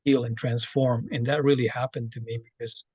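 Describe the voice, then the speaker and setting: A man from the Philippines with a Filipino accent, sharing a personal story in an online session, earnest and halting with many fillers and restarts. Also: medium pitch, flat delivery, a little mellow, breathy edge, no echo. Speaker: community member sharing his story. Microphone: video call.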